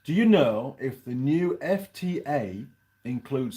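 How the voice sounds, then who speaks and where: A man's voice: medium pitch, animated, a little slow, warm tone. A man hosting a casual live stream, reviewing a pie and chatting in a rambling way while he eats. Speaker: channel host reviewing pies on a live stream.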